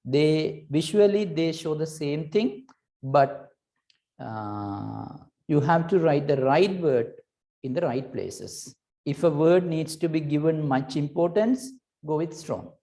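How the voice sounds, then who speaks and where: A woman's voice: low voice, dark tone. A woman teaching a recorded lesson, patiently explaining and checking in with "right?" between points, with hesitant restarts.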